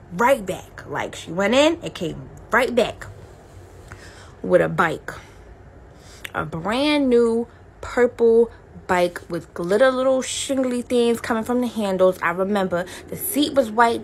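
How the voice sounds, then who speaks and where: A woman vlogger telling a childhood story in a casual, animated way, talking straight to her viewers. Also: a little high, slight background noise. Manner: animated, chatty, addresses viewers directly.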